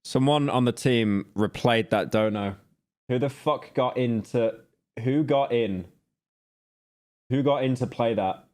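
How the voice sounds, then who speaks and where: A man's voice: medium pitch, slow pace, long pauses. Ranting British man streaming. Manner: ranting, swearing, animated. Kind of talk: casual reaction commentary.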